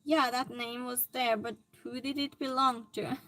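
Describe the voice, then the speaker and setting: High-voiced, unhurried woman streamer. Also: steady tone, a bit bright. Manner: chatty, reacting to chat comments aloud. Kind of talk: casual live-stream chat.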